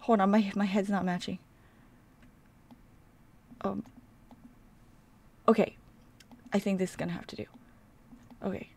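A woman's voice: mid-range voice, flat delivery, a little slow, pauses often, darkish tone, a little hiss or hum. A woman hosting a casual fan reaction vlog, gushing and giving playful mock speeches with some swearing. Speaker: reaction video host.

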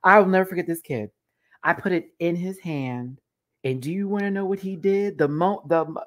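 A woman in her thirties with a low voice hosts a casual live stream. She tells stories in a rowdy, profane, animated way and laughs between lines. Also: normal speed. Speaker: show host reviewing a TV competition.

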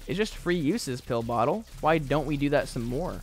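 A man's voice: fairly high pitch, lively intonation, moderate pace. Exasperated man narrating his gameplay. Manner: exasperated, self-mocking, talks to the game. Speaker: gaming streamer. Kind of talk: casual let's-play commentary.

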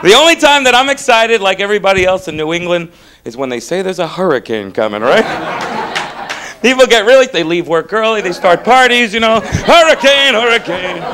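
A stand-up comedian from Florida works a live audience, animated and quick to burst into shouted impressions. His voice sits high and swoops through a wide range. The crowd laughs loudly around him. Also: noisy background.

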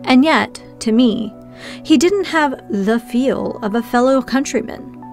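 A woman narrating a classic novel as an audiobook, reading steadily and with measure. Her voice sits somewhat high, with soft music faintly behind it. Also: slow. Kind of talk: first-person scripted narration.

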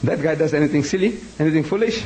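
A man's voice: on the high side, fast talker, a little mellow, a little hiss or hum, rough recording. A man giving a religious lecture in a mosque, emphatic and rhetorical, often chuckling at his own points. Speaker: Islamic lecturer.

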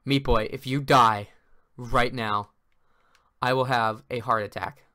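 A man doing let's-play commentary, frantic and exasperated, ranting and yelling at the game as he plays. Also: mid-range voice, fairly even intonation, takes it slowly. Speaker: gaming video creator.

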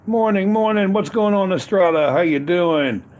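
Standing at a grill outside in the cold, this livestream host speaks in a high-pitched, slightly mellow voice at a moderate pace. He keeps calling out chat viewers by name, repeating cheerful catchphrases.

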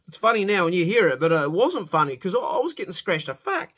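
A man's voice: sits high, very animated, fast, few pauses, fairly bright tone, slightly rough. A middle-aged man telling a rowdy personal story in a casual spoken way, swearing freely and laughing at himself.

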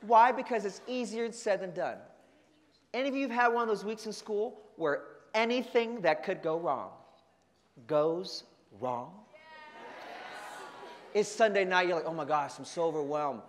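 Animated male motivational speaker in a hall. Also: high voice, measured pace, long pauses. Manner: energetic storytelling with acted-out voices. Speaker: keynote speaker. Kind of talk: motivational talk to students. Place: large conference hall. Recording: long hall reverb.

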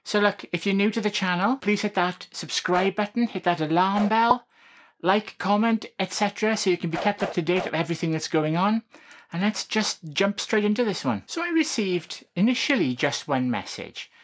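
A woman's voice: mid-range voice, animated, moderate pace. A woman vlogging to camera in a casual, sarcastic way, full of joking asides.

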